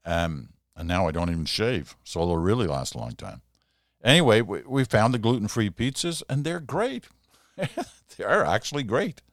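Deep-voiced older man chatting on a podcast. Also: animated, normal speed, no room sound, studio quality. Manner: chatty, rambling, self-deprecating asides. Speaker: podcast host. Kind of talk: casual solo podcast monologue.

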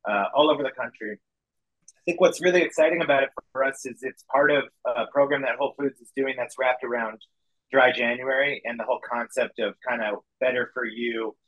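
A man speaking as a guest in a casual interview, upbeat while pitching his company's launch. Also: steady tone, fairly quick, no room sound, highs cut off.

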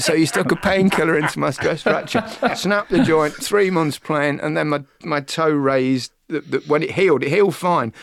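A man's voice: on the high side, brisk, creaky, hardly any pauses, no echo. A former footballer, a man co-hosting a podcast, telling a rambling, self-mocking anecdote and acting out the voices of the people in it. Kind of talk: casual storytelling chat.

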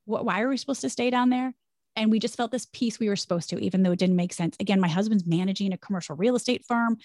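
A middle-aged woman, a former broadcaster, talking about faith and career change in an energetic, emphatic way. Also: mid-range voice, quick pace, no echo, clean studio sound. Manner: energetic, emphatic, preachy storytelling. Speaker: podcast guest, former broadcaster. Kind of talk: conversational faith-based interview.

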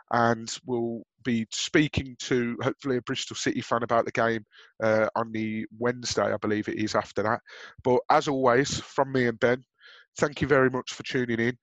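A man's voice: mid-range voice, fairly even intonation, moderate pace, a bit bright, dry recording, dull audio. A man with a Birmingham accent co-hosting a football podcast, chatting casually with frequent fillers and restarts. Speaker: podcast co-host.

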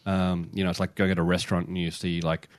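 Deep-voiced man explaining on a podcast. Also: level tone, fast, no echo. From Britain or Commonwealth, says niche the non-American way. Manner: explanatory, many fillers and restarts. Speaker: podcast co-host. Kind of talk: casual podcast chat.

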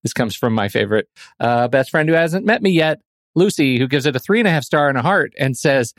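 Lively playful male podcast co-host. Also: medium pitch, a little fast, dry recording, studio quality. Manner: playful, jokey, animated. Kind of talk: casual film podcast chat. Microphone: studio microphone.

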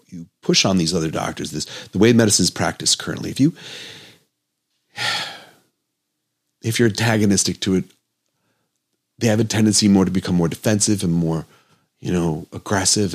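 A man's voice: low voice, gravelly, breathy edge. A man hosting his own health podcast as a doctor, speaking in an earnest, emotional, pleading monologue.

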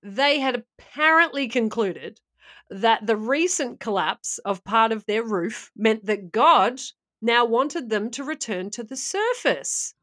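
A woman's voice: on the high side, expressive, slow, fairly bright tone. A woman co-hosting a podcast, telling a story in a chatty, self-mocking way. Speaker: podcast co-host. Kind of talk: casual chat and storytelling.

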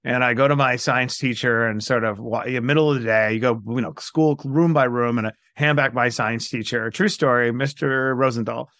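Brief: gravelly, dry-miked man in his forties from New York, animated storyteller in an interview. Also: medium pitch, normal speed, few pauses, dry recording. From New York, USA. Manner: animated, acts out quoted dialogue. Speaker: guest entrepreneur.

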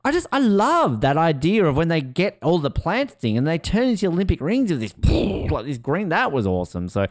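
A man co-hosting a podcast, chatting casually, excitable and sweary, acting out quotes in funny voices. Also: a little high, normal speed, few pauses, no room sound, clean studio sound. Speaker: podcast co-host. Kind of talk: casual chat.

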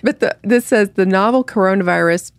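A woman's voice: medium pitch, brisk, clear, resonant tone, no echo. Chatty woman podcast host. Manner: laughs often, chatty, reads aloud with energy. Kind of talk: casual chat reading a satire article.

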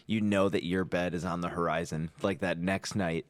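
A man's voice: low-pitched, fairly even intonation, moderate pace, dry recording. A tired young man co-hosting a podcast, chatting casually after little sleep. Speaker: podcast co-host. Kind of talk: casual chat.

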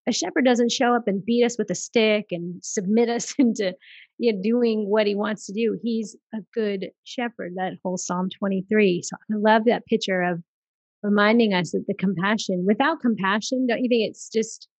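A woman's voice: mid-range voice, fairly even intonation, moderate pace, darkish tone, no echo. A woman hosting a faith-based conversation, talking earnestly and affirming her guest often. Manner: earnest, affirming, frequent listening sounds. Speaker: podcast host.

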